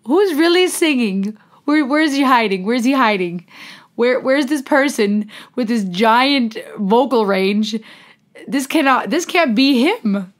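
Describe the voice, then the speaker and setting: A woman's voice: a little high, lively intonation, unhurried. A woman hosting a music reaction video, exclaiming and laughing in disbelief in casual commentary. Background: faint music playing.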